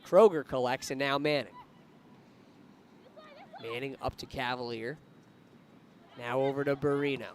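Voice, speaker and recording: A man's voice: mid-range voice, a little slow, pauses often, a little hiss or hum. A man giving live play-by-play commentary on a women's soccer match, lifting his voice when attacks build. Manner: rising excitement on attacking plays.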